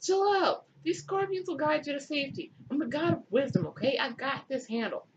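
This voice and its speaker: A woman's voice: high voice, a little fast, dull audio, background noise, pitched above the performer's own voice. A woman voicing Thoth, a laid-back, cocky male god of wisdom, in a comic myth retelling. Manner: breezy, cocky, slangy.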